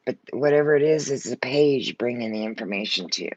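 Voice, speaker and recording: A woman's voice: extremely low pitch, fairly quick, dry recording, dull audio. A woman giving a live-stream tarot reading, blunt and emotional, swearing freely and short of breath. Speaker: tarot card reader.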